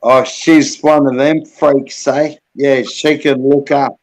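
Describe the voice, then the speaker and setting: A man's voice: medium pitch, level tone, slow pace, rough recording. An Australian man in his late forties hosting a casual stream chat, laid-back and swearing freely. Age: 40s. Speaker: host of a live music stream.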